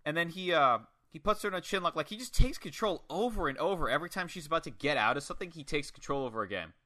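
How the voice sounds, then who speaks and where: A man with a piercingly bright, somewhat high voice tells the story of a match in a casual chat. He is excitable and curses freely as he goes. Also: quick pace. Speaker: podcast co-host. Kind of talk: casual wrestling match recap.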